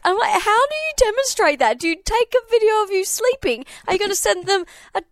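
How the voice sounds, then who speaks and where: A woman in her thirties or forties bantering on air, high-pitched and full of swooping ups and downs. She laughs easily as she talks. The sound is dry and close. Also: fairly quick, no room sound. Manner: giggly, animated chatter. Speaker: radio co-host. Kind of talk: casual radio banter.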